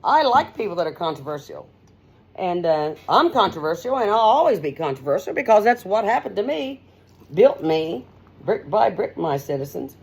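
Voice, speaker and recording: A woman's voice: moderate pace, breathy edge. Rambling folksy woman radio host. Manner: rambling, folksy, animated pitch swings. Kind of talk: straight-talk monologue.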